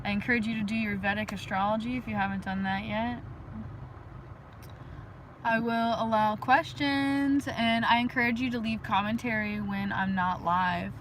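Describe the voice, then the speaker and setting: A woman's voice: mid-range voice, fairly even intonation, moderate pace, fairly bright tone, slight background noise, rough recording. A young adult woman hosting a livestream, rambling casually about spirituality with frequent giggles and bursts of chanting. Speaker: livestream host.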